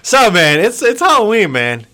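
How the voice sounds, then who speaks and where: A man's voice: sits high, big pitch swings, moderate pace, sharp tone. A young man co-hosting a podcast in casual chat, laughing and swearing freely. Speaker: podcast co-host.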